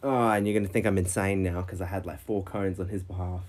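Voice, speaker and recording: A man streaming live, ranting in frustration, swearing, and jumping into high-pitched yelling. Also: steady tone, fast.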